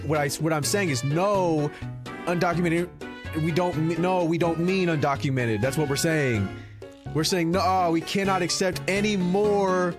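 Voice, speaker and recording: A man in a comedy clip, rambling and laughing as he jokes. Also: on the high side. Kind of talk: comedic bit in his clips.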